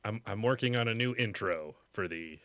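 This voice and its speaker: A man co-hosting a casual podcast, rambling and halting, swearing casually, on a close mic. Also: on the low side, a bit bright, no echo. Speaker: podcast co-host.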